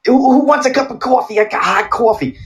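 A man doing a shouting New York coffee hawker. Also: very high-pitched, roomy sound, voice pushed up. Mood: excited. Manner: shouty, hurried hawking. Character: loud excited man hawking coffee.

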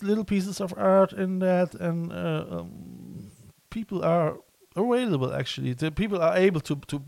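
A man hosting a casual podcast interview, talking in halting phrases full of restarts and fillers. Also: on the high side, dry recording. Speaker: podcast host.

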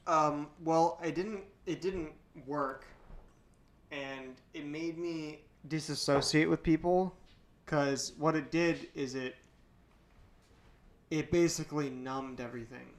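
A man's voice: fairly high pitch, fairly even intonation, takes it slowly. A young man talking candidly in a casual podcast chat, rambling with lots of fillers. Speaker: podcast guest.

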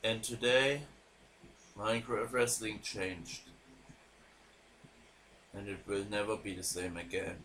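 A man hosts a podcast and calls the matches of an online wrestling show at an unhurried pace. He sounds deeply moved, stumbling through restarts and repeated words. A faint hum sits under his voice. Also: flat delivery, fairly bright tone. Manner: deeply moved, emotional delivery. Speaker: podcast host and commentator.

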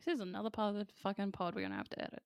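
A woman's voice: mid-range voice, sing-song, rapid-fire, vocal fry. A young woman co-hosting a casual podcast, blunt and sarcastic with plenty of swearing. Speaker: podcast co-host. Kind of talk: casual chat.

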